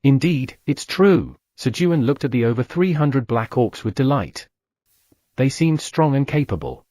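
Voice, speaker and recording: A man reading an audiobook novel in steady, scripted narration. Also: medium pitch, normal speed, dry recording. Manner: steady storytelling read.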